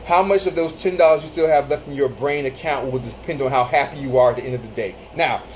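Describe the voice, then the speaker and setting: A man's voice: medium pitch, fast, slight background noise. A man hosting a casual livestream on his phone, telling stories animatedly, laughing often and greeting viewers. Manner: laughs often while talking, animated storytelling; reads out and greets viewer comments. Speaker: livestream host.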